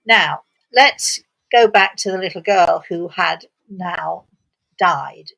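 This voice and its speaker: An older woman telling a story slowly and haltingly, with dramatic pauses and fillers. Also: lowish voice, creaky, a bit bright, low-quality recording. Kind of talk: spoken storytelling.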